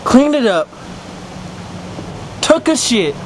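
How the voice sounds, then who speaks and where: A man's voice: very high voice, sing-song, slow, slight background noise, heavily acted, low-quality recording. A young man playing a boastful, crude young killer who tells his story as a comic confession monologue. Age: young adult. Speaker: student actor in a parody sketch.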